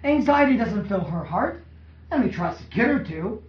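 A man with a high-pitched, expressive voice preaches to a congregation in a church hall at normal speed. Using call-and-response, he often poses questions that draw replies, and the recording is echoey, dull, and distant.

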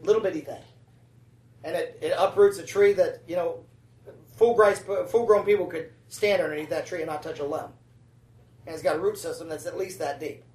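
Picked up by a far-off microphone in a roomy space, this sermon comes across as a casual chat, with the preacher often checking in through "right?" and "amen?". The voice sits in the mid-range, brisk and slightly mellow.

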